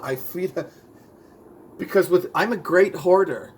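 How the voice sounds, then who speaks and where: A man's voice: sits high, animated, unhurried, a little hiss or hum, poor audio. A man rehearsing a stand-up comedy bit, with punchy delivery and a repeated catchphrase. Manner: bilingual.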